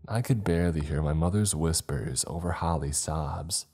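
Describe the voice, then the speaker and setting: A man narrating a scripted horror story in a slow, ominous manner. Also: rumbling low, dark tone, breathy edge.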